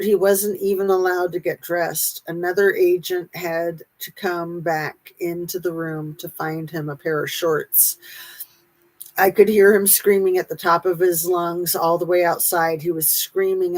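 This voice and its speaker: Slow, low-voiced woman reading aloud. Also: a little mellow, poor audio. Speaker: channel host reading a memoir aloud.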